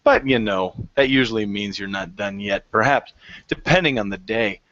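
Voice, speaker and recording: A man's voice: fairly low pitch, normal speed, fairly bright tone, lo-fi sound. A man acting as game master, narrating a tavern scene in a tabletop game.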